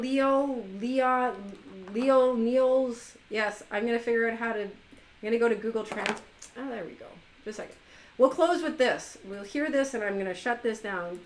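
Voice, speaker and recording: A woman hosts a live stream in a loose, chatty manner. She teases her viewers playfully, and her voice sits a little high. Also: a little hiss or hum, poor audio. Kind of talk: casual live stream chat.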